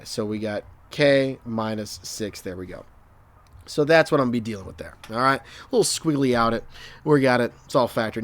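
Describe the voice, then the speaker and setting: A young male math teacher working through review problems in a casual, joking way, recorded at home on a desk microphone. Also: mid-range voice. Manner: chatty, jokey, talks to students as he works.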